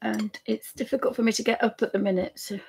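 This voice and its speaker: Chatty art streamer, woman, husky and slightly high-pitched, easily amused. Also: steady tone, quick pace, a little mellow. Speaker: art demonstrator. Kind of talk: live painting tutorial stream.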